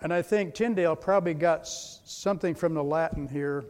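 Guy giving a slide lecture, kinda high voice, long hall echo, spells stuff out slow and careful. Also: a little mellow. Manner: methodical, spells out words letter by letter. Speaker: presenter.

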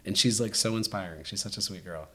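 A man hosting a podcast in casual chat, telling stories with lots of fillers and lively shifts. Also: lowish voice, quick pace, slightly rough. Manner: animated storytelling, many fillers. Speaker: podcast host.

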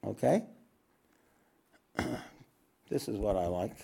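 A man teaching a spiritual talk to an audience, unhurried, repeating his phrases and often clearing his throat. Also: medium pitch, mellow.

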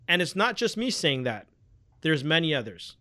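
A man's voice: fairly high pitch, big pitch swings, normal speed, sharp tone. A man hosting a podcast, introducing his guest and asking questions. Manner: upbeat, scripted-sounding introduction. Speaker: host.

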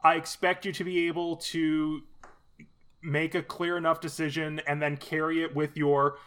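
A man's voice: fairly high pitch, level tone, normal speed, a bit bright, clear, resonant tone. A man in casual podcast chat, bluntly critical and full of fillers.

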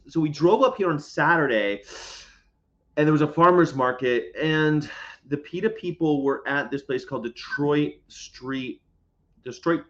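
A man's voice: medium pitch, muffled recording. Rambling jokey man on a livestream. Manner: rambling and jokey, reads viewer comments aloud. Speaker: vegan livestreamer. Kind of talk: casual live-stream chat. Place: inside a parked box truck.

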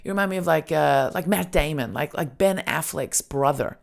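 A woman voicing a high, gushing old Scottish man at a bar, who repeats himself insistently. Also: moderate pace, gravelly. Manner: repetitive, insistent.

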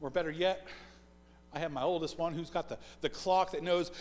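High-voiced male pastor preaching in a reverberant church. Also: fast. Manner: repetitive, list-like delivery. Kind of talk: sermon. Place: church sanctuary. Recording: long reverb of a church hall.

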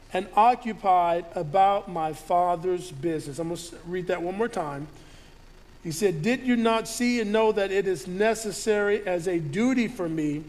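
A man preaching to his congregation, reading scripture aloud and riffing on it with frequent restarts. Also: sits high. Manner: reads scripture aloud and riffs on it, with many restarts. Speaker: pastor. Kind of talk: sermon.

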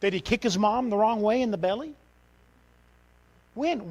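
A middle-aged man preaching a sermon in a church as a missionary, animated, swinging from loud outbursts down to quiet, tender passages. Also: extremely high pitch, unhurried, poor audio.

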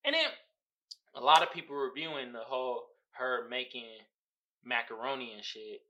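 Young man, podcast host, from the Bay Area, slangy, profane, lively pitch. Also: moderate pace, lo-fi sound. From San Francisco Bay Area. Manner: animated, slangy and profane, laughs often. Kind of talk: casual movie-review rant.

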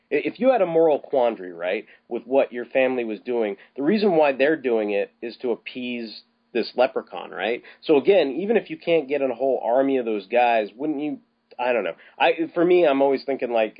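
Rambling man on a lo-fi podcast. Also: medium pitch. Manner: rambling, with many restarts and casual swearing. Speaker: podcast co-host. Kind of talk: casual film-review chat. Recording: slightly dull, lo-fi podcast audio.

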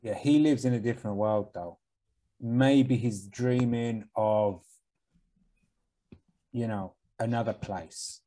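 A man with a mellow, warm tone co-hosting a casual podcast. He shifts between dry joking and sincere, thoughtful advice. His talk is relaxed and unscripted. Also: lowish voice, takes it slowly, pauses often, slight background noise, poor audio. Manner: joking, then earnest advice-giving. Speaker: podcast co-host.

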